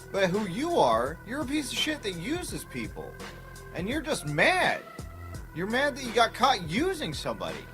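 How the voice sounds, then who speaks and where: A man's voice: high-pitched, huge pitch swings, moderate pace, music in the background. A man livestreaming an angry, profane, confrontational rant at people who talk about him.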